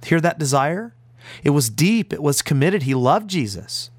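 A man's voice: big pitch swings, a little slow, slightly rough, no room sound. An American man, a pastor, delivering an earnest, emphatic radio sermon. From United States. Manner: earnest, emphatic preaching with big pitch swings.

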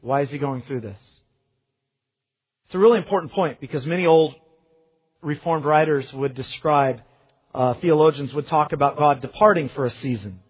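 A pastor preaching a sermon, reading scripture aloud with strong emphasis and rising, ringing phrases. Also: male voice, on the high side, moderate pace, pauses often, slightly rough. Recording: muffled sermon audio with long hall reverb.

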